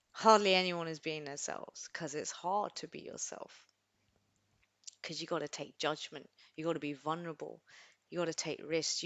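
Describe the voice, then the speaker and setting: A woman hosting a live stream, talking in an unscripted, rambling and expressive way while close to tears. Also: medium pitch, dry recording. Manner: rambling, expressive, self-deprecating. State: tearful, emotional.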